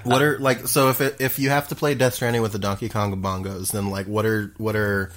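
A man's voice: fairly low pitch, steady tone, brisk, a bit bright. A man co-hosting a casual podcast who riffs on goofy bits and swears freely. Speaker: podcast co-host.

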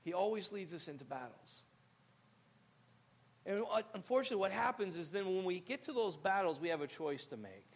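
High-pitched, gravelly-voiced pastor preaching. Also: male voice, a little fast. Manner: animated, acts out scenes with sudden loud outbursts. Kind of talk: sermon. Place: church.

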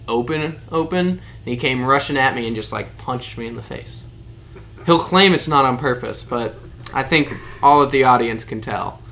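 Young man, animated, joking, casual storytelling, mid-pitched. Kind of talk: casual chat.

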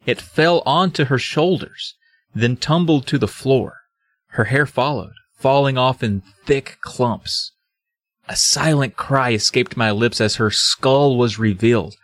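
A man's voice: mid-range voice, unhurried, a bit bright, dry recording. A man co-hosting a casual comedic podcast, reading book excerpts dramatically and cutting in with sarcastic, swearing asides. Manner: sardonic, swears, reads dramatically. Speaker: podcast co-host.

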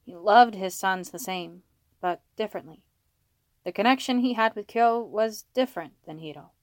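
A woman's voice: medium pitch, moderate pace, no room sound. A woman reading a fan fiction story aloud, voicing the dialogue with small shifts for each character. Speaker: fanfiction reader. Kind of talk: audiobook-style story narration.

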